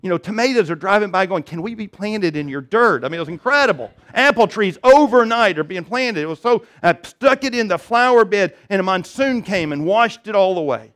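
Pastor guy, high-ish voice, jokey stories then punchy appeals. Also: animated, brisk, few pauses, a bit bright. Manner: storytelling, self-deprecating humor, rising emphatic appeals. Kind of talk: sermon.

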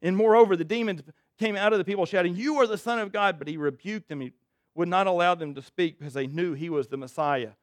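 A man preaching a sermon with a fairly high voice, close and dry with little room sound. He moves between reading scripture aloud and plain conversational comment. To stress a point he sinks low and quiet. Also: fast, dry recording. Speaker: pastor.

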